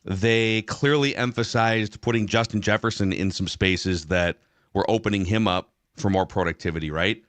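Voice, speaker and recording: A man hosts a casual sports talk podcast, breaking down the game in a loose, slightly rambling way. His voice is low and the sound is dry and close. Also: normal speed, fairly bright tone, no echo. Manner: loose, analytical, a little rambling. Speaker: podcast host.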